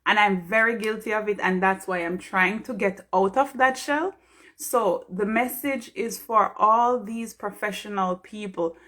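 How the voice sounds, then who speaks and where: A woman's voice: mid-range voice, measured pace, a bit bright. A woman from Jamaica, a pharmacist giving an earnest, heartfelt motivational talk on a live stream.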